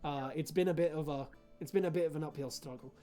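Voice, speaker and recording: A man's voice: fairly high pitch, quick pace, warm tone, faint music behind, close to an everyday voice. A man voicing a grim male town representative who speaks plainly and somberly.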